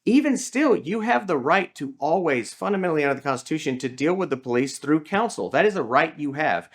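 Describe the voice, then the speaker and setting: A man's voice: fairly high pitch, very animated, a little fast. Chatty lawyer man. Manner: chatty, storytelling, many fillers and restarts. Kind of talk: casual legal discussion.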